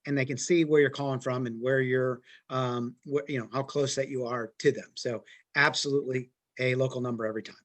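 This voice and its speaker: A man answering as a guest expert on a live training webinar, explaining in a steady, plain way. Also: medium pitch, fairly quick.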